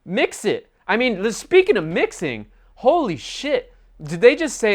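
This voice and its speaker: A man delivering a furious, profanity-laced movie review rant. His voice sits a little high and swings wildly up and down as his exasperation builds. He sounds fed up from start to finish. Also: wildly swooping pitch, measured pace. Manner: furious, sweary, exasperated ranting.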